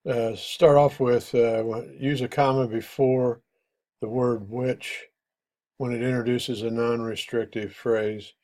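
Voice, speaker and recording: A middle-aged male instructor giving a lecture on writing format, halting and explanatory with frequent fillers. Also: medium pitch, little pitch movement, dark tone.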